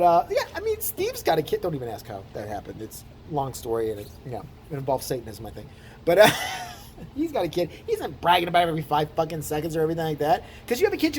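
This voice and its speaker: A man's voice: on the high side, a little hiss or hum. A tired man ranting on camera in a profane, sarcastic, comedic style. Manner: animated, swearing, sarcastic. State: tired from little sleep. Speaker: vlogger.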